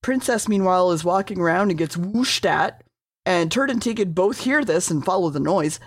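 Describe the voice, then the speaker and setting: A woman's voice: lowish voice, expressive, normal speed, no room sound, studio quality. A woman casually recapping a TV episode, rambling, swearing freely and correcting herself as she goes.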